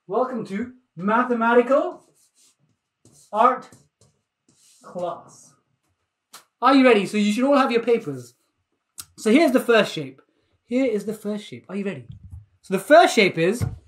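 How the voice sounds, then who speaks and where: A man teaching a live online maths lesson for children, energetic and playful, often repeating himself. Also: very high voice.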